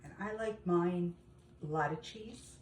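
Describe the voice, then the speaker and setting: A woman's voice: on the low side, unhurried, a little mellow, slight background noise. Chatty woman cooking in echoey kitchen. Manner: chatty, talks straight to viewers. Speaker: home cooking vlogger. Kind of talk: casual cooking demonstration. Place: home kitchen.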